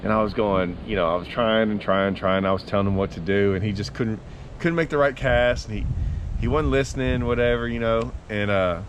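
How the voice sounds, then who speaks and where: Low-voiced man telling a rambling story. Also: fairly quick, slight background noise. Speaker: fishing vlogger. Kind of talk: casual storytelling to camera.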